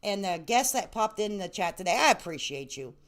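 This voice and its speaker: A woman's voice: medium pitch, big pitch swings, fairly quick, fairly bright tone. Late-30s woman streamer, casual and chatty, laughs a lot, calls everyone honey. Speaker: livestream host. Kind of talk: casual livestream chat.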